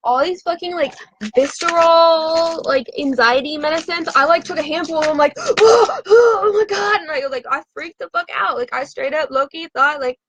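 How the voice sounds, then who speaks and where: A woman's voice: high-pitched, moderate pace, fairly bright tone, slight background noise, low-quality recording. A woman who has been drinking, telling a rambling, profane story to a live audience in a frantic, confessional way.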